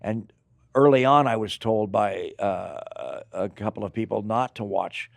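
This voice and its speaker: An older man, an actor being interviewed, telling rambling, animated stories in casual chat. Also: lowish voice, measured pace, creaky, dry recording. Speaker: actor guest.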